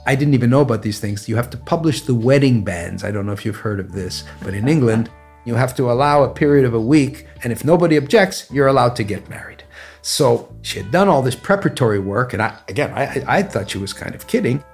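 A man in his sixties from Canada, telling personal stories in a measured, anecdotal way in an interview. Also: medium pitch, expressive, darkish tone, breathy edge. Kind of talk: reflective storytelling interview. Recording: faint guitar music underneath.

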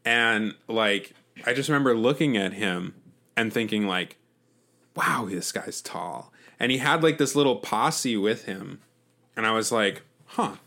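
A man's voice: lowish voice, moderate pace, bright, forceful tone. A man in his twenties telling a rambling story in casual chat, full of fillers and swearing.

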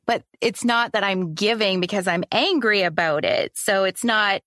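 A woman's voice: mid-range voice, moderate pace, sharp tone, dry recording, studio quality. A woman who is a coaching client, speaking openly and self-reflectively, often laughing. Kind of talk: casual chat.

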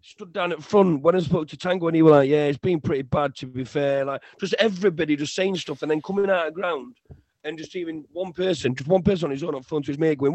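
A young man co-hosting a casual football podcast, ranting in an animated way and often repeating himself. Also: on the high side, fast, dry recording. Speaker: podcast co-host.

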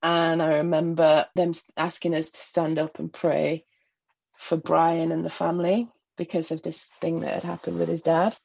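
A middle-aged woman from Northeast England, interviewed as a guest, recalls her past with lots of fillers and small laughs. She talks at a moderate pace in a low, level voice with vocal fry, a darkish tone and a breathy edge, on a muffled recording.

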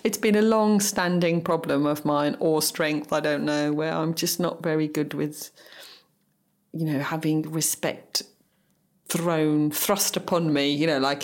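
A young adult woman with a low voice talks casually and frankly. She is opinionated and laughs often as she tells her stories. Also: fairly even intonation, a little slow. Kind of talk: casual chat.

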